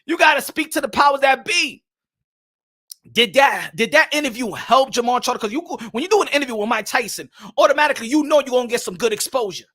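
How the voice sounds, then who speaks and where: A loud, hyped man hosts a boxing live stream in a very high, bright voice. He shouts out viewers, curses freely and drops in the odd Spanish phrase. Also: animated, fast. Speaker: boxing channel host.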